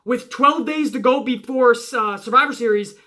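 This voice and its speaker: A man hosting his own channel, giving a casual, profane review, emphatic and jumping up in pitch when worked up. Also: moderate pace, bright, forceful tone. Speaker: wrestling show reviewer, channel host.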